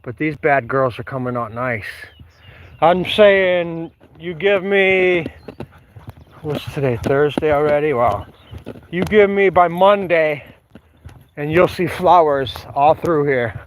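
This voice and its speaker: This fairly high-pitched man speaks slowly as he chats on a livestream during an outdoor dog walk on a trail. He rambles, addresses his dogs and occasionally sings, over slight background noise in a low-quality recording.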